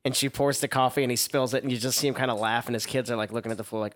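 A man's voice: fairly high pitch, fast, fairly bright tone. A man chatting crudely and casually as a podcast co-host, rambling, laughing often and acting out quotes.

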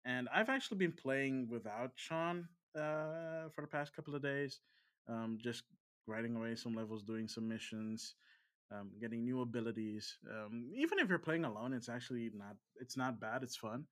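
A man co-hosts a casual gaming podcast, his voice sitting at an ordinary middle pitch. He rambles along, trailing into ums and restarting his sentences. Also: lively intonation, moderate pace, fairly bright tone. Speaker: podcast co-host.

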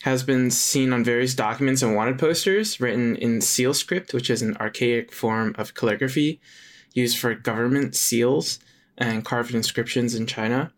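A man in a mid-range voice co-hosts a laid-back podcast. He reads out trivia in an easy chatty tone, often pausing on filler sounds. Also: medium pitch. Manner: reads out fun facts, hesitant fillers. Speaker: podcast co-host. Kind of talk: casual chat sharing trivia.

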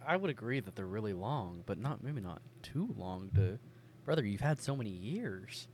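A man's voice: lowish voice, very animated, normal speed, a little mellow, a little hiss or hum. A man hosting a casual podcast chat. He rambles along with plenty of ums. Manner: chatty, rambling, many ums. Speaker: podcast host.

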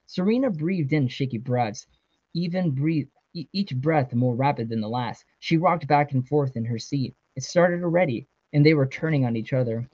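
A man's voice: mid-range voice, normal speed, slightly rough, no echo. Brief: man narrating his own novel, earnest, dry close mic. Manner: earnest reading, occasional stumbles. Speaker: guest author. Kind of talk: reading his novel aloud. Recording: dry, slightly dull sound.

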